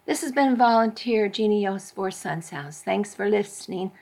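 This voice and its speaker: A woman volunteer reading a romance novel aloud for a radio program, in a slow, measured way. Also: medium pitch, lively intonation, vocal fry, a little mellow. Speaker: volunteer reader.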